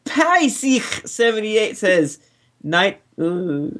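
A man's voice: high voice, very slow. A man co-hosting a podcast, reading out listener reviews in casual banter. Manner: lively, reading names in a playful drawl.

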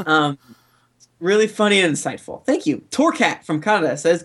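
Male podcast co-host, animated delivery, reading reviews aloud with playful banter. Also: on the high side, normal speed, breathy edge. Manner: lively, reading names in a playful drawl.

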